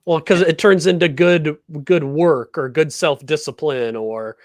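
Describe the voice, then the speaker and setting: A man's voice: fairly high pitch, a little slow, dry recording, clean studio sound. A man who hosts a book interview podcast and works as a pastor, asking questions in an affirming, conversational way with frequent fillers.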